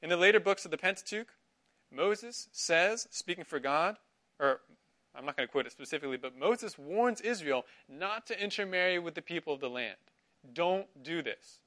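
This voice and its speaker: A man's voice: fairly high pitch, animated, a little fast, bright, forceful tone. A middle-aged man teaching a Sunday school class, asking his students questions and affirming their answers. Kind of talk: interactive Bible class.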